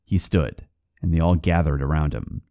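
A man hosting a podcast, reading a folk tale aloud with expressive storytelling. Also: rumbling low, normal speed, no room sound.

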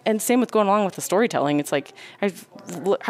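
A woman telling a hunting story in casual talk, animated, acting out what people said. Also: mid-range voice. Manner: animated, quick, acts out quotes. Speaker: guest storyteller; hunter and nurse.

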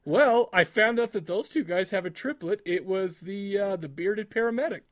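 Laughing, high-voiced man joking around. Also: normal speed. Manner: laughs often, jokey and animated. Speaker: podcast co-host. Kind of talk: casual chat.

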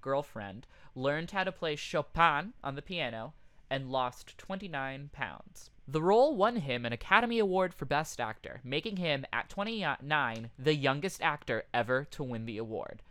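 A man co-hosting a comedy podcast, telling a story with animated, profane outbursts. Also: on the high side, moderate pace, clean tone, no room sound. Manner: animated, swears freely, bursts into loud outbursts. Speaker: podcast co-host.

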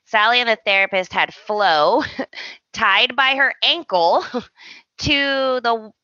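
A woman co-hosting a casual podcast, recapping a soap opera in a sassy, animated way and laughing often. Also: on the high side, slow pace, no room sound, dull audio. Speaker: podcast co-host.

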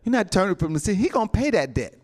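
A man's voice: high voice, very animated, fast, a little mellow. A male pastor preaching a sermon to his congregation, peppering his talk with amens and calling out to the saints. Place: church building with a congregation.

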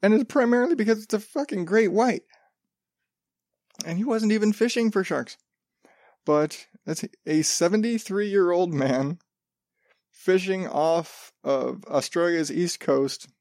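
Male podcast host, slightly high voice, rambling and cursing, dry close-miked sound. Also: unhurried, a little mellow, dry recording. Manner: rambling, profane, self-interrupting. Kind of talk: casual solo podcast chat.

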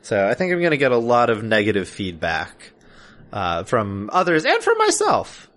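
A man talking casually as a podcast co-host. He hesitates often, restarts his sentences and leans on fillers. His humor is dry and deadpan, and his pitch rises and falls a lot. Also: normal speed. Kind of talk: casual chat.

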